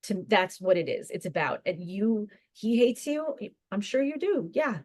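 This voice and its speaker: A woman counselor speaks as a podcast guest, explaining at length in quick bursts with frequent restarts. Her mid-range voice is recorded close and dry. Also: mid-range voice, very animated, darkish tone, no echo. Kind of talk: conversational podcast interview.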